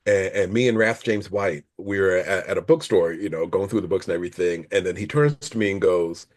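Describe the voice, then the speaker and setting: Speaking briskly with hardly any pauses, a middle-aged man with a deep voice is a guest author being interviewed. His long stories ramble and self-correct, and he laughs as he tells them.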